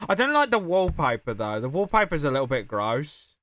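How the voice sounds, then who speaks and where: A man's voice: a little high, big pitch swings, a little fast, fairly bright tone, dry recording. A young man chatting casually on a game livestream, chatty and giggly. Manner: chatty and giggly, often laughing mid-sentence. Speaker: streamer.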